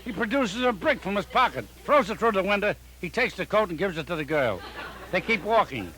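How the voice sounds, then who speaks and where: An older male comedian rattling off one-liners in a punchy, deadpan joke-telling style. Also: high voice, a little hiss or hum, low-quality recording. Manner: punchy deadpan joke delivery with quick setups. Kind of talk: rapid-fire one-liner joke recording.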